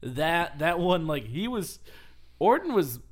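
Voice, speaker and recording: A man's voice: a little high, very animated, takes it slowly. Laughing, rambling man on a podcast. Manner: rambling, laughs often, swears. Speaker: podcast host. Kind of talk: casual chat.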